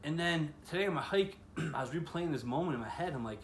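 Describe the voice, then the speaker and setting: A man's voice: a little high, lively intonation, fast talker, slight background noise. A man in his twenties speaking in an earnest, chatty way to students, telling a personal story in a casual devotional talk. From Chicago area, US. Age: 20s. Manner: earnest, chatty, full of "you know" and "like". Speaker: youth ministry speaker.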